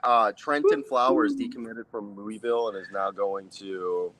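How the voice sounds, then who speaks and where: A man's voice: fairly low pitch, moderate pace, fairly bright tone, poor audio. A man co-hosting a casual basketball talk show, offhand and jumping between topics. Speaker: co-host. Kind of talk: casual sports chat.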